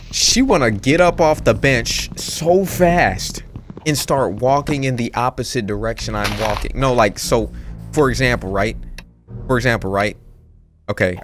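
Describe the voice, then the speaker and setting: A young man telling a story in casual slang while playing a game, animated and swearing freely. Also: medium pitch. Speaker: gaming youtuber. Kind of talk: casual storytelling over gameplay. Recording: game music in background.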